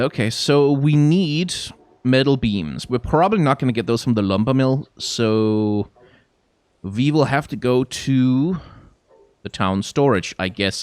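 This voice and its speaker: A man's voice: on the low side, smooth, dry recording. A man with a light Danish accent giving casual gameplay commentary, thinking aloud and reading tutorial text as he goes. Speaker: YouTuber playing a driving game.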